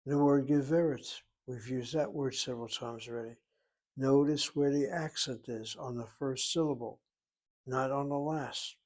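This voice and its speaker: Male grammar teacher, husky voice, patient step-by-step explainer. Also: mid-range voice, steady tone, normal speed, a little mellow. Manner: methodical, explains word by word and letter by letter. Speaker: Hebrew teacher. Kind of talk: grammar lesson.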